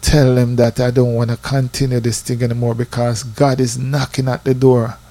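A man with a Jamaican accent telling a personal church testimony in a lively storytelling way, slipping into patois. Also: medium pitch, moderate pace. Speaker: church member giving testimony.

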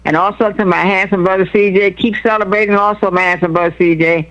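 A woman's voice: medium pitch, steady tone, fast, fairly bright tone, dull audio. An older woman, calling a gospel radio show and showering everyone with blessings, repeating words in long strings. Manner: effusive, repeats words in strings, laughs often. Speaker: caller.

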